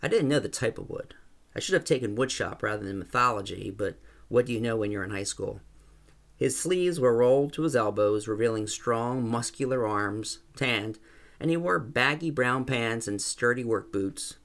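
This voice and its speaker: A man reading a first-person story aloud in a calm, even way. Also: medium pitch, normal speed. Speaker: narrator.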